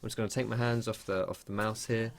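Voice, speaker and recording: A man's voice: fairly low pitch, fairly even intonation, quick pace, vocal fry, slight background noise. A young man giving casual, rambling gameplay tutorial commentary from his computer at home. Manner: chatty, rambling, swears when surprised.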